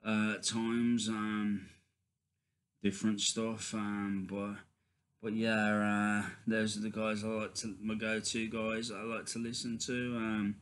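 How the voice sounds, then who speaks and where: A man talking casually to his viewers in a faith vlog, halting, with many ums and restarts. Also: fairly low pitch, flat delivery, fairly bright tone. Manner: addresses viewers as guys. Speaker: vlogger.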